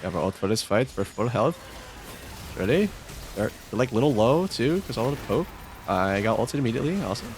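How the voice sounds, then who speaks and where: Gravelly man, excitable gameplay streamer. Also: medium pitch, brisk, a little hiss or hum. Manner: reactive, exclamatory, self-critical. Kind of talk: live gameplay commentary.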